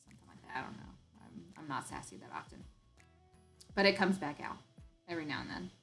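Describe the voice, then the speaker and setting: A woman with a light Southern Arkansas accent hosting a casual homesteading live-stream chat. She rambles, laughs often and fills pauses with ums. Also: low voice, very animated, creaky, fairly bright tone, soft background music, rough recording. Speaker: homesteading channel host.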